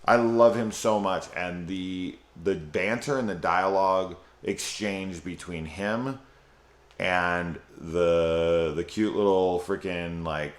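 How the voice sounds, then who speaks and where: Deep-voiced man in an echoey room. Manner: rambling, swearing, excited. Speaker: film reviewer. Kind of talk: casual spoiler review.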